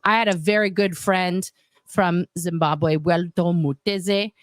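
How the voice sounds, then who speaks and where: A woman chatting as a guest on a livestream, animated and reading viewer comments aloud. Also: on the low side, slow pace, no echo. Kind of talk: casual livestream chat.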